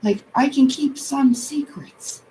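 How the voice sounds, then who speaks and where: A woman's voice: high-pitched, takes it slowly, dark tone, poor audio. A woman hosting a casual livestream, chatting while she paints, rambling, swearing and exasperated, upset and close to tears. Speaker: livestream host.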